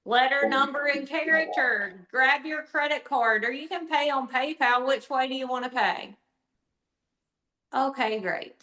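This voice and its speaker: A woman giving blunt, commanding sales coaching in a direct, no-nonsense way. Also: high voice. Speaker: sales team trainer. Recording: roomy echo.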